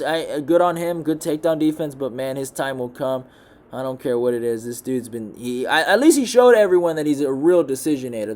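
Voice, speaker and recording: A young man talking through a fight card off the cuff, blunt and heavy on swearing. His voice sits at an ordinary middle pitch, low and mumbly in the quiet stretches. When something annoys him he gets loud and heated. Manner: blunt and profane, swings into loud rants. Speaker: MMA commentator. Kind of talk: casual fight recap monologue.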